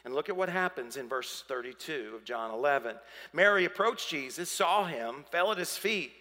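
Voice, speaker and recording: This preacher's voice is a little high, pushed and bright, animated, at a moderate pace. Preaching in a reverberant hall, he's emphatic and theatrical, voicing the biblical people he describes.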